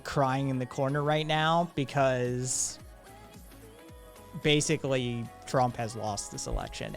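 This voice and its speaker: A man hosting a live stream, chatting casually, swearing freely and reading viewer messages aloud. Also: medium pitch. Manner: profane, animated, reads chat messages aloud. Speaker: streamer host.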